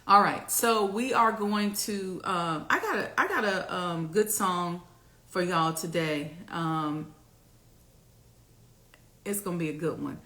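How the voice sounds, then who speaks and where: A woman hosting a casual talk to camera, preaching and rallying her viewers with loud, repeated exhortations. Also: fairly low pitch, animated, takes it slowly, reverberant. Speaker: host.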